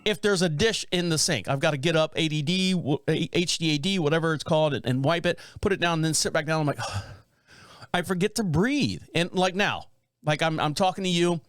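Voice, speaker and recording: A man in his fifties, co-hosting a casual home-studio chat and telling rambling, animated stories with frequent laughs. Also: a little high, a little fast, no echo. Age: 50s. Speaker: podcast co-host.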